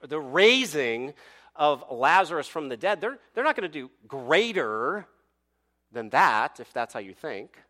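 A pastor delivers his sermon in a bright, forceful voice pitched a little above the usual for a man. He drops to soft asides and swells on quoted verses, leaning on pauses and questions to the listeners. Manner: expressive preaching with dramatic pauses and rhetorical questions.

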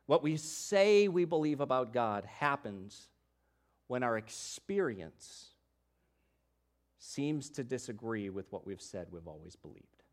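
A man preaching a sermon who moves from hushed, low passages to loud, emphatic ones and voices the doubts of biblical figures. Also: very animated, takes it slowly. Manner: acts out the voices of doubters in scripture. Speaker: pastor.

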